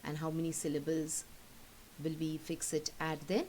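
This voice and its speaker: A woman's voice: sits low, flat delivery, mellow, low-quality recording. A woman teacher giving a recorded lesson, patiently saying each word twice to model its pronunciation. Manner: patient, repeats words slowly to model pronunciation. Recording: faint hiss.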